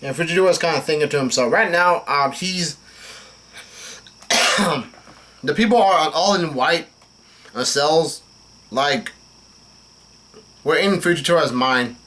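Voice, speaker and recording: Man halting through a manga recap. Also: fairly high pitch, sharp tone. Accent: Southern US. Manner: halting read-aloud with restarts and asides. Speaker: manga reaction host. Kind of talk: reading aloud and reacting to a comic chapter.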